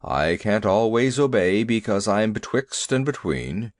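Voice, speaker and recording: A man's voice: fairly low pitch, animated, unhurried, dry recording, clean studio sound. A man voicing a nervous, bumbling male army elephant who blusters and frets easily. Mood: ponderous. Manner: fussy, blustering, easily frightened.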